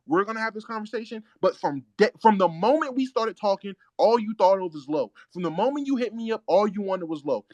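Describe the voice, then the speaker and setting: A man's voice: high voice, dry recording. A man hosting a live audio chat room, blunt, profane and confrontational in a heated argument.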